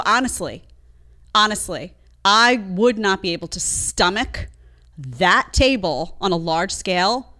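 A woman's voice: on the low side, bright, forceful tone. A woman hosting a live show, reacting to clips with indignant, mocking commentary. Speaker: host. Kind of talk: opinionated live-stream commentary.

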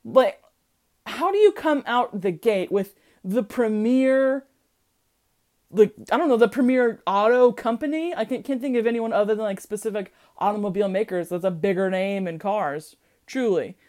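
A young adult woman hosting a podcast, chatting casually in an animated, sarcastic way with casual swearing. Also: mid-range voice, moderate pace. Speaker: podcast host. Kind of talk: casual chat.

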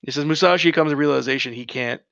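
A man's voice: mid-range voice, quick pace, creaky, fairly bright tone. A man co-hosting a casual podcast, reading show summaries aloud and talking enthusiastically, swearing freely. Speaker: podcast co-host. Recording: dull lo-fi dry mic.

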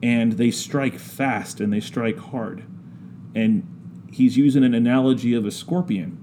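A man telling a story in casual podcast talk, slow and drawn out with frequent ums. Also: mid-range voice, warm tone, a little hiss or hum. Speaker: podcast guest discussing scripture.

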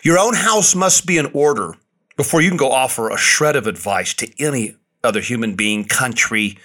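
A man's voice: medium pitch, lively intonation, moderate pace, pushed and bright. A man hosting his own podcast, delivering an indignant political monologue, repeating words for emphasis. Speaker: podcast host.

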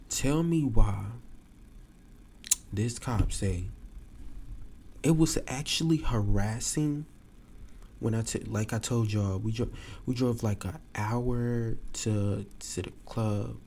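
A man telling a story to his podcast listeners in a casual, animated way. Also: lowish voice, takes it slowly, pauses often, slight background noise. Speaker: podcast host.

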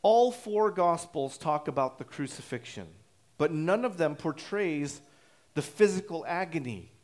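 A male pastor delivering an expository sermon, teaching in a measured, explanatory way with frequent "uh" pauses and restarts. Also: fairly high pitch, lively intonation, darkish tone.

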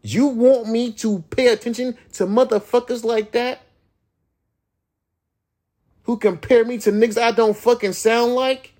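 A man's voice: fairly even intonation, unhurried, pauses often, darkish tone. A man who raps, ranting heatedly on his solo podcast, swearing often and mocking his critics. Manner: imitates critics in a higher voice. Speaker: rapper and podcast host.

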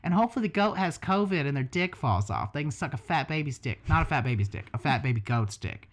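A man's voice: a little high, sing-song, fast talker. A man hosting a podcast in casual chat, joking and rambling with lots of swearing. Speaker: podcast host.

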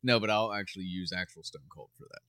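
A man's voice: deep voice, fast talker, a bit bright, no room sound. A man co-hosting a casual podcast from a cafe, easygoing and enthusiastic, close on a podcast mic. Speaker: podcast co-host. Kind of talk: casual chat.

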